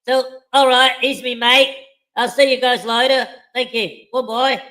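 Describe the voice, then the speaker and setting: A man voicing a chummy male kangaroo with a high, bright put-on voice. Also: level tone, measured pace, very noisy. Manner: chummy, rambling. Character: cheeky male kangaroo with mock Aussie slang.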